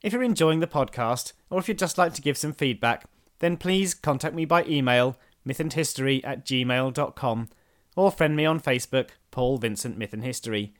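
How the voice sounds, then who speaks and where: A man, a podcast host narrating history in a measured storytelling manner with dry asides. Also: mid-range voice.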